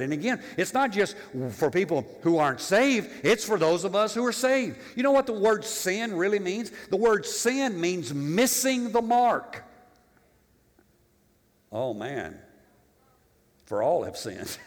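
A man's voice: sits high, very animated, slow pace. A male pastor preaching a conversational sermon, restarting phrases and asking the congregation rhetorical questions. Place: church. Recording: long reverb of a church hall.

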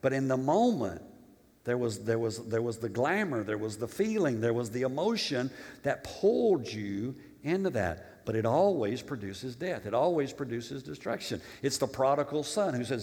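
A man's voice: fairly high pitch, very animated, moderate pace. A male pastor preaching a conversational sermon, restarting phrases and asking the congregation rhetorical questions. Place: church. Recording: long reverb of a church hall.

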